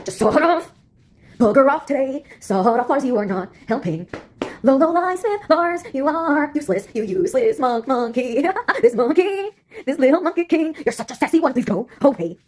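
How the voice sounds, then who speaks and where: A woman's voice: sits high, expressive, moderate pace, a little hiss or hum. A woman voicing an unhinged female villain who taunts and goads a giant, swearing and breaking into singsong. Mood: taunting. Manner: erratic, swearing, singsong outbursts.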